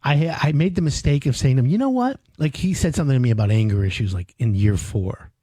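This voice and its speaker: A man in his fifties hosting a home improvement radio show, telling stories with loud animated bursts. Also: medium pitch, fast, husky, dry recording. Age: 50s. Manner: animated storyteller, loud bursts, reads phone number. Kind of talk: casual radio chat.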